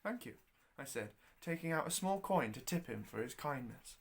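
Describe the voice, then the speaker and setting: Expressive man reading his own story. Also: mid-range voice, moderate pace.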